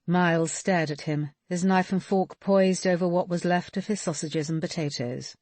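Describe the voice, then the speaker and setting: A woman narrating a thriller audiobook in a steady storytelling manner. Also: lowish voice, moderate pace, few pauses, dry recording. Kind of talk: scripted narration.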